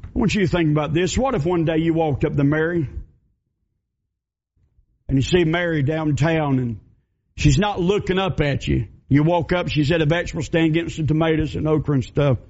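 High-voiced preacher, folksy and fiery. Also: male voice, moderate pace, darkish tone. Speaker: pastor. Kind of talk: sermon. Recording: dull lo-fi recording.

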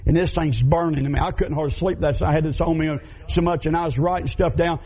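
A man with a Southern American accent preaching a fervent sermon, emphatic and building up to shouts. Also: a little high, steady tone, fast talker, slightly rough, lo-fi sound.

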